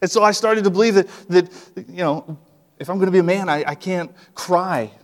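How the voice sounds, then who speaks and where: A middle-aged man delivers a sermon in a relaxed, folksy manner, tossing in frequent asides to his listeners. His voice sits a little higher than most men's. A long reverb trails each phrase, as in a large church hall. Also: brisk. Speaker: preacher.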